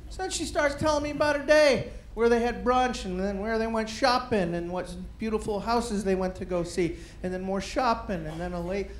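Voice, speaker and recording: A man doing stand-up comedy, telling a self-mocking story in an animated way and acting out bits of dialogue. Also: high-pitched, moderate pace, few pauses, reverberant.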